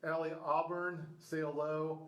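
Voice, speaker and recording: A man's voice: fairly high pitch, flat delivery, unhurried, roomy sound, rough recording. A man in his thirties hosting a podcast, chatting casually with a guest and rambling through many restarts and fillers. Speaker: podcast host. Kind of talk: casual interview chat. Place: Ohio.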